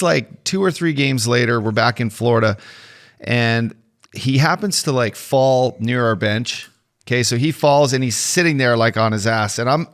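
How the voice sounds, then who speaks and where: A man's voice: mid-range voice, a bit bright. Laughing man telling a rink story. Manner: laughing storyteller who swears and acts out quoted lines. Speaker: former hockey player, podcast co-host. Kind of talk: casual podcast chat, storytelling.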